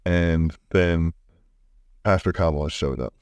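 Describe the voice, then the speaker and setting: A man's voice: sits low, unhurried, clean tone, no echo, studio quality. A man chatting casually as a podcast co-host, often stumbling and repeating his words. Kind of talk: casual chat.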